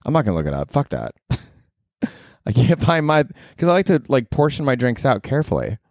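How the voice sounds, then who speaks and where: A man's voice: mid-range voice, huge pitch swings, a little fast, vocal fry, a little mellow, no echo, studio quality. A man hosting his own podcast alone from his apartment, rambling casually with lots of swearing and self-mockery. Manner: profane, self-mocking rambling. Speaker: podcast host. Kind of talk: casual solo podcast monologue.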